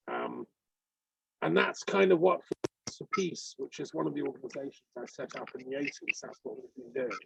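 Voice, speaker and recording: A man's voice with heavy gravel and husk comes through a muffled, lo-fi video call. He talks in an earnest, rambling way, full of ums. The sound is dry and close. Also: fairly high pitch, darkish tone, no echo. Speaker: peace activist on a video call. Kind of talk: casual discussion. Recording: dull lo-fi call audio.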